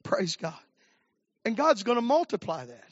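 Fifties pastor, very high voice, fervent preaching swinging to shouts, dry dull lo-fi recording. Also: male voice, huge pitch swings, moderate pace, no room sound. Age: 50s. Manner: fervent preaching, swinging from low murmurs to shouted climaxes with "uh" fillers. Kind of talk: sermon.

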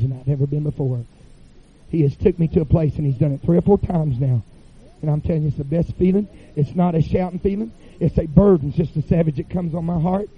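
A man preaching a revival sermon in a church, chanting phrases with "uh" fillers and rising to shouts. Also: fairly high pitch, slightly rough, narrow, tinny audio.

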